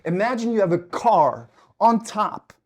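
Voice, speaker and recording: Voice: mid-range voice, expressive, measured pace. Intense coach talking mid-workout. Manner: intense and emphatic, swears for emphasis; talks while working out at the gym. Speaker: life coach. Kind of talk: motivational podcast talk.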